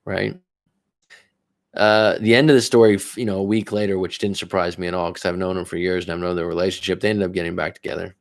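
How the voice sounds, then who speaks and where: Male coach, lowish voice, swears freely, rambles through an anecdote for a live stream. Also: little pitch movement, quick pace, creaky. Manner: rambling, profane, self-interrupting. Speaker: life coach. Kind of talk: casual storytelling on a live stream.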